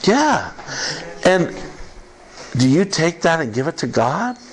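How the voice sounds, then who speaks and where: A man preaching a sermon as pastor to a congregation, in an animated, conversational way with quick asides. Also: fairly high pitch. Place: church service with congregation.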